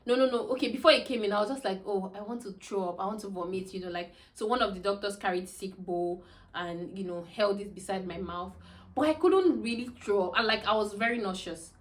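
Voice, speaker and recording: A woman's voice: medium pitch, fairly quick. Chatty young woman telling a story. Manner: chatty, many fillers and restarts, laughs often. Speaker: vlogger. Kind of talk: casual storytelling to camera.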